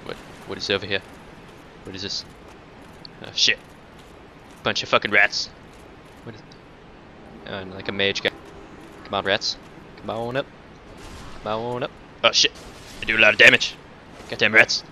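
Bright-voiced man swearing through a game. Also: lowish voice, flat delivery, normal speed, long pauses, slight background noise. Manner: profane, talks back to enemies, swings between mutters and outbursts. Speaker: gameplay commentator. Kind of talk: casual let's-play commentary.

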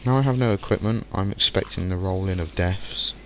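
A man commentating a game let's play, excitable and muttering curses at the game. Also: low-pitched, fairly quick, a little hiss or hum. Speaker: gaming channel host.

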